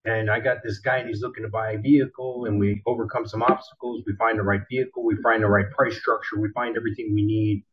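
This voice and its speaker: A man casually telling a wild story from his car-selling days, animated and profane, acting out the people in it. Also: lowish voice, fast talker, hardly any pauses, slight background noise. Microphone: laptop built-in mic. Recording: dull lo-fi laptop mic.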